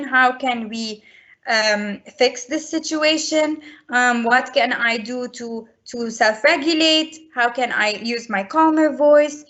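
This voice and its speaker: A woman's voice: high voice, a bit bright. A woman presenting slides to parents in a school webinar, earnest and explanatory, with frequent restarts. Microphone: video call. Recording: muffled video call audio.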